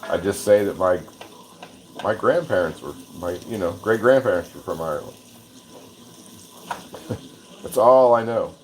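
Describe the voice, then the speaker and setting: A man's voice: on the low side, expressive, unhurried, long pauses, slight background noise, low-quality recording. An American man hosting a live cooking stream, chatting casually and self-deprecatingly, often chuckling as he rambles. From United States. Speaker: livestream cooking host. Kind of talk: casual livestream chat while cooking.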